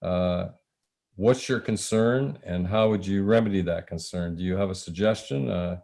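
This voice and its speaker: Canadian male mayor, low mellow tone, hesitant chairing, voice fading. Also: creaky. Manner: halting, many filler pauses. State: losing his voice. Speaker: mayor chairing a council meeting. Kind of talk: chairing a council meeting.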